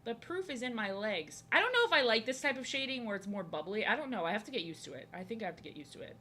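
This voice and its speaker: Bright-voiced chatty young woman. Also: a little high, big pitch swings, quick pace, slight background noise. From New Jersey. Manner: chatty, rambling, repeats herself. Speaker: art streamer. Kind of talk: casual chat while drawing.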